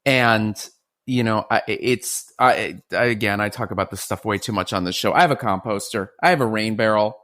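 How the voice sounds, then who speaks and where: A man's voice: lowish voice, moderate pace, fairly bright tone. A man hosting a podcast interview, playful and joking, with casual swearing. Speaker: podcast host.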